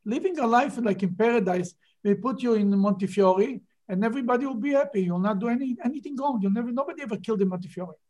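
A man's voice: extremely high pitch, quick pace, hardly any pauses, muffled recording. Emphatic man teaching a Bible class. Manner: animated, emphatic, rhetorical questions. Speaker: rabbi teaching a Torah class.

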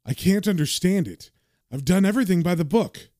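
A man's voice: sits high, lively intonation, a little fast, mellow, no room sound, studio quality. A man voicing a grim young male occultist who recites spells with solemn intensity in a comic book reading. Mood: irritated.

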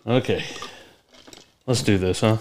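A man's voice: lowish voice, a little slow, darkish tone. A man hosting a casual podcast, joking and laughing with his guests. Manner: jokey, laughing, sings his own intro. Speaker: podcast host.

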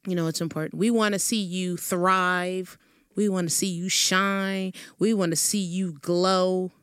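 A woman's voice: lowish voice, fairly even intonation, a little slow, fairly bright tone, clean tone, no echo, clean studio sound. A woman hosting a podcast, talking in an encouraging, churchy cadence. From American South. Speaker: podcast host. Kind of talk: casual chat.

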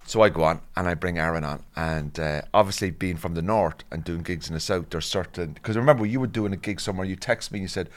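A man with an Irish accent, a comedian in casual chat, telling stories in an animated way and acting out what people said. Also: deep voice, fast, few pauses. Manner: animated storyteller, acts out voices.

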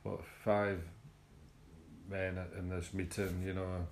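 A man's voice: low-pitched, flat delivery, takes it slowly, a little mellow. A man reads a daily recovery meditation, then chats reflectively with many fillers. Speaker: recovery group member. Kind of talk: reading a daily meditation, then casual chat. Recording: echoey room.

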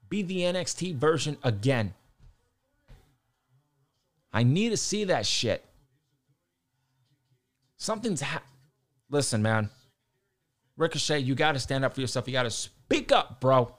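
A man's voice: a little high, big pitch swings, unhurried, long pauses. A young man ranting heatedly about wrestling, swearing often and repeating himself as he gets worked up. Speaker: wrestling commentator. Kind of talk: heated casual rant.

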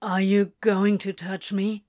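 A woman voicing a flustered, weak-kneed male demon in a fan-fiction reading, speaking low and shaky. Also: little pitch movement, takes it slowly, a little mellow, natural voice.

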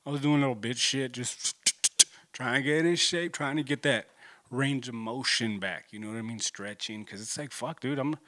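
A man in his late thirties with a drawl rambles on in a loose, profane, filler-heavy way. His voice sits at an ordinary pitch for a man. The sound is close and dry, with no room echo. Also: moderate pace, sharp tone. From Corpus Christi, Texas. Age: 30s. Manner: laid-back, profane, rambling with many fillers. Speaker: vlogger. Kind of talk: casual rambling monologue.

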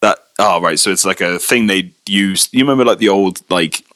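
A man's voice: sits low, normal speed, a bit bright, dry recording, clean studio sound. A man co-hosting a podcast, crude and teasing banter. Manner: swears a lot, jokey and teasing. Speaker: podcast co-host.

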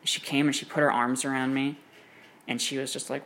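A man's voice: medium pitch, little pitch movement, fairly quick, a bit bright, slight background noise. A young man hosting his own show, telling a personal story in a casual, rambling way, full of fillers and swearing. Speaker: podcast host. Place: room with air conditioning running.

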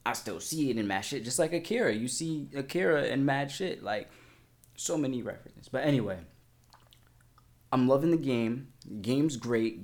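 Rambling young man gushing about a game. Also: medium pitch. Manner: excitable, rambling, heavy slang and filler "like"; swears casually. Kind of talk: casual gaming vlog chat.

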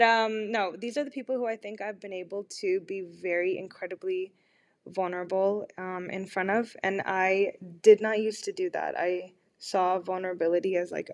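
A woman in her twenties hosting a personal podcast, talking in a candid, rambling and self-mocking way. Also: medium pitch. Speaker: podcast host.

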